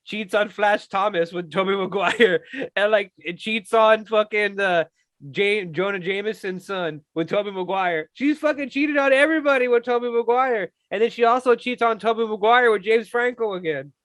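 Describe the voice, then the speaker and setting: High-voiced man cursing through podcast banter. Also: normal speed, fairly bright tone, dry recording. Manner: profane, laughing, mocking impressions. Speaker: podcast co-host. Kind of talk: casual chat.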